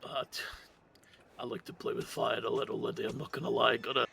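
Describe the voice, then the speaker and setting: A man roleplaying a gruff outlaw in a game, talking crudely with dry humor. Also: medium pitch, little pitch movement, fairly quick, sharp tone, slight background noise. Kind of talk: in-character roleplay chat.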